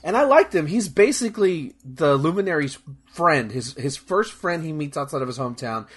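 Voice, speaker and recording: Young male host, casual chat, a bit high-pitched, rambly and excited, swears freely. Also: moderate pace, slightly rough. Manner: rambling, enthusiastic, profane, many fillers and restarts.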